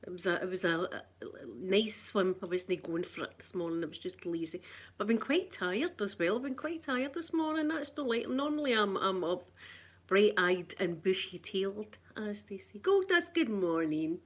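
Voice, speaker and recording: A woman's voice: medium pitch, animated, normal speed. Middle-aged Scottish woman, easygoing host chatting to her viewers, mid-range voice, laughs a lot. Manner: chatty, laughs often, repeats herself. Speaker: channel host. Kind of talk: casual live-stream chat.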